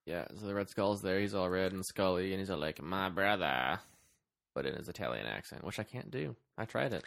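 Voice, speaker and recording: A man with a low voice and a lively, swinging delivery, chatting on a movie podcast. He mostly chimes in with short, dry asides and quick agreements. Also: creaky. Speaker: podcast co-host. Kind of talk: casual movie review chat.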